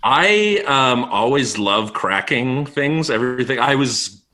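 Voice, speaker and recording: A man's voice: medium pitch, expressive, slow pace, bright, forceful tone. A man guesting on a comedy podcast, chatting casually in rambling stories and laughing often.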